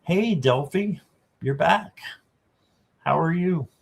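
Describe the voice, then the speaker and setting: A man's voice: on the high side, expressive, slow, gravelly, breathy edge. A man doing a casual live tarot reading, chatting to viewers and reading the card text aloud. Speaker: tarot reader.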